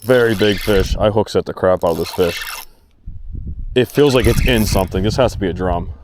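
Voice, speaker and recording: A man's voice: on the low side, fairly quick, background noise. A man filming himself fishing from a boat outdoors, talking to the camera and exclaiming and repeating himself as he goes. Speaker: fishing vlogger. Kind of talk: excited on-the-water commentary.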